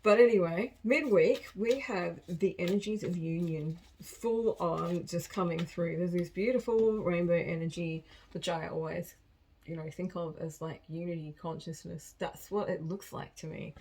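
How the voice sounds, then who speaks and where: A woman's voice: on the low side, normal speed, a little mellow, husky, rough recording. A woman giving a casual collective tarot reading, chatty and rambling, often laughing at herself. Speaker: tarot card reader.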